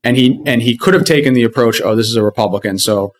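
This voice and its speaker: A man's voice: medium pitch, quick pace. A man who is an executive, a guest in a conversational interview, speaking earnestly and reflectively. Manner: earnest, reflective, with frequent restarts.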